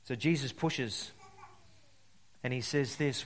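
Man, pastor, sermon, storytelling, dynamic loud-soft delivery, slightly high pitch. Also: moderate pace. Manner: storytelling, swings between loud emphasis and quiet drops. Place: church service.

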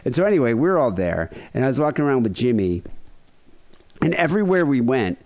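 A man's voice: mid-range voice, fairly quick, no room sound. A man co-hosting a podcast, telling a rambling, profane story in casual chat. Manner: animated, profane, mimics people in quotes. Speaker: podcast co-host.

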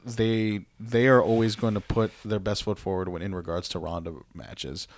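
A man's voice: lowish voice, level tone, moderate pace. A man co-hosting a casual podcast, talking in a sarcastic, rambling way with swearing. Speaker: podcast co-host. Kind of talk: casual chat.

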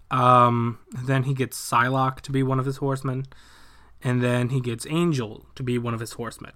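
A young man casually retelling a movie plot, animated and profane, dropping into quick voices for the characters. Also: medium pitch.

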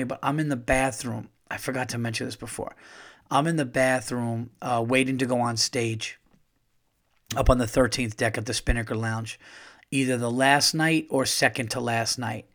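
A man in the middle of his range talks freely, as if chatting with friends. His stories wander, full of "like" and "you know," with swearing dropped in casually. He restarts sentences often and keeps an easy conversational flow. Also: mid-range voice. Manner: loose, profane, rambling with many fillers and restarts. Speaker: podcast host. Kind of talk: casual storytelling monologue.

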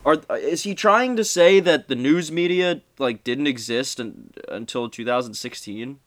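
A man's voice: mid-range voice, unhurried, dry recording. A man hosting a casual podcast, sarcastic, swearing and laughing as he reads an article aloud. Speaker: podcast host.

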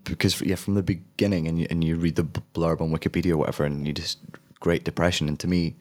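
A man's voice: deep voice, little pitch movement, fast, a little mellow. A young adult man, a drama student, giving thoughtful, rambling interview answers with frequent restarts.

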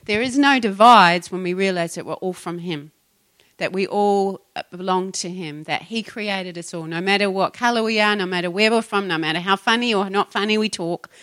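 A woman's voice: mid-range voice, fairly bright tone. A middle-aged woman pastor with a New Zealand accent, talking casually and chattily, often laughing and trailing off mid-sentence. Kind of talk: casual Christian podcast talk.

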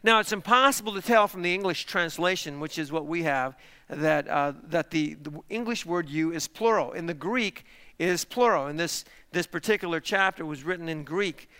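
A man preaching a sermon to his congregation, emphatic and animated, asking rhetorical questions. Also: fairly high pitch, moderate pace, clean tone. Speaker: pastor.

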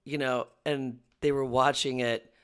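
A man's voice: mid-range voice, flat delivery, a little slow, a bit bright, clear, resonant tone. A man co-hosting a podcast, retelling scenes animatedly, quoting others and swearing. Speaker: podcast co-host. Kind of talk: casual chat.

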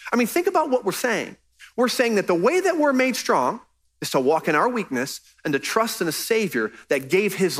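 A man's voice: high voice, a bit bright. A man preaching a sermon as pastor, earnest and conversational, pressing his points with emphasis.

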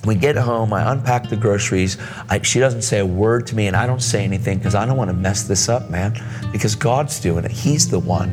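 A man preaching in a church, telling a story with lively acted-out voices and casual words like dude and man. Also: lowish voice. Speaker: guest preacher. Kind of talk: sermon storytelling. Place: church hall. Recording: reverberant church hall with music.

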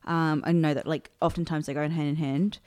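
A woman's voice: low-pitched, steady tone, a little fast, a little mellow, dry recording, studio quality. A young woman co-hosting a podcast in casual chat, talking freely and laughing easily. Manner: chatty, laughs easily, many "like" fillers. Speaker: podcast co-host.

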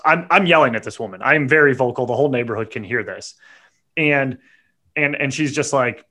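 A man, co-hosting a podcast and telling a story in a casual, animated, profane way. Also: medium pitch, a little fast. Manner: animated, profane, builds to indignant outbursts. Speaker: podcast co-host.

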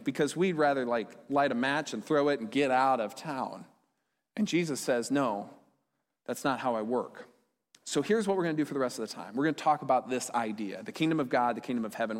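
Pastor preaching in echoey hall. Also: male voice, on the high side. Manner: conversational, with quick asides and checks to the audience. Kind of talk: sermon. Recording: long reverb of a large hall.

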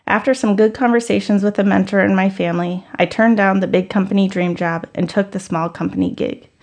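A woman's voice: mid-range voice, fairly even intonation, brisk, a little mellow. A woman in her thirties telling a personal story in a candid, conversational, self-deprecating way.

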